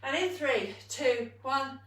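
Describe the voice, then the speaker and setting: A woman's voice: high-pitched, slow, a bit bright. A woman fitness instructor coaching a live online exercise class, upbeat and self-mocking as she counts down, and out of breath while she works out with the class. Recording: roomy echo, from a distance.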